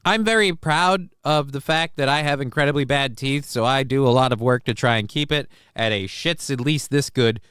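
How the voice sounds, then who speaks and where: An adult father of a six-year-old hosts a casual live-stream chat from a basement room at home, speaking close to a desk mic. Congested from a sinus infection, he rambles crudely and jokingly, often sneezing and sniffing. His medium-pitched voice is smooth and a bit bright, moving at a moderate pace with hardly any pauses and no echo.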